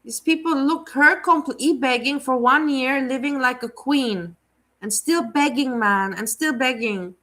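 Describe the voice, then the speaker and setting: Blunt mocking woman commentator, bright voice. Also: sits high, measured pace. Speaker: commentary host. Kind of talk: reaction commentary on a clip.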